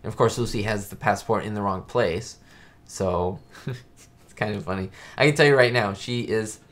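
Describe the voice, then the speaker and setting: A man's voice: on the low side, normal speed, fairly bright tone. A man hosting a casual live-stream chat, talking in a rambling way full of "like" fillers.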